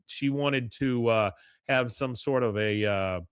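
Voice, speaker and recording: A man's voice: mid-range voice, slow pace, clean tone, no echo, clean studio sound. A man hosting a podcast, casually recapping a cartoon episode with lots of fillers. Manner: rambling, many fillers, reads quotes aloud. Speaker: podcast host.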